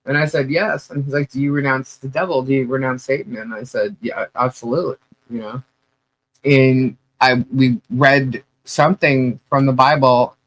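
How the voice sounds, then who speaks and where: Rambling man with a higher voice. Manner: rambling, filler-heavy storytelling with laughs. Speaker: podcast co-host. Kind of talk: casual chat.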